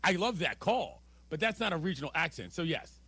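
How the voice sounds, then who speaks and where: A man hosting a sports talk radio show, joking and quick in casual banter. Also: fairly high pitch, big pitch swings, a bit bright, breathy edge, no room sound. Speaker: radio host.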